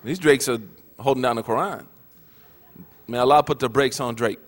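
A man's voice: medium pitch, moderate pace. A man giving a teaching talk at a religious gathering, mixing joking asides with earnest points, in a hall with a long echo.

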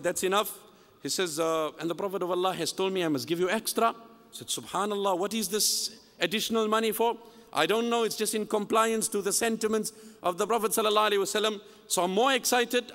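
A man with a high voice preaches a sermon, telling a story and acting out the speakers' lines with lively energy. His voice rings with a long reverb, as in a large hall. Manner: animated, acts out dialogue in the story.

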